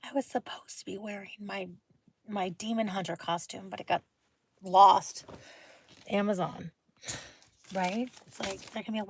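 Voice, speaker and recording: A woman's voice: medium pitch, fairly even intonation, moderate pace, pauses often, a little hiss or hum. A woman hosting a casual livestream from home, rambling and often dropping into a whisper as she chats with viewers. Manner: chatty, often drops to a whisper; rambling, thinks aloud. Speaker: livestream host. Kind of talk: casual live chat with viewers.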